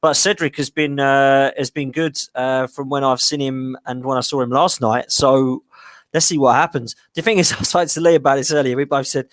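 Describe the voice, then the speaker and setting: A man's voice: medium pitch, fairly even intonation, moderate pace, dry recording. A man co-hosting a football podcast, giving emphatic, opinionated views in casual chat. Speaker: podcast co-host.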